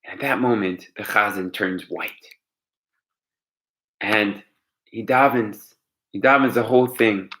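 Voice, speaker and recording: Male storyteller, bright tone, dramatic pacing. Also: fairly low pitch. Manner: animated, dramatic pauses. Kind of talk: oral storytelling.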